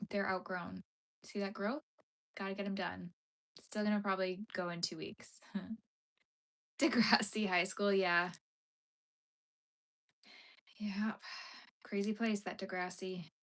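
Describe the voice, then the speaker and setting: A woman's voice: medium pitch, fairly even intonation, slow pace, long pauses, a bit bright. Chatty young woman crocheting on stream. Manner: chatty, answers viewer comments as she works. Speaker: live-stream host. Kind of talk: casual chat while crocheting.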